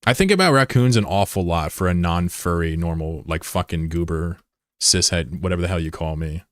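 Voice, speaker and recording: Animated, profane male game streamer. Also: a little fast, no room sound, studio quality. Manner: profane, rambling, jumps to high-pitched shouting when excited. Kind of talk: casual live-stream chat over gameplay.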